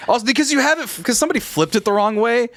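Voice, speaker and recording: A man's voice: very high-pitched, lively intonation, rapid-fire, a crowd in the background. A man from California hosting a podcast, joking and teasing his co-hosts in casual chat. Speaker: podcast host.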